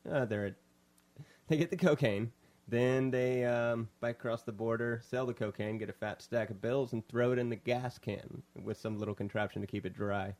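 A man's voice: medium pitch, fairly even intonation, normal speed, a little mellow. Male podcast host, casual film chat, rambling, jokey, restarts often.

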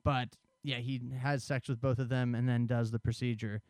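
Man, podcast co-host, casual film talk, smooth clear voice, dry close sound. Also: mid-range voice, level tone, moderate pace, a little mellow, dry recording. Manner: conversational, explains plot at length.

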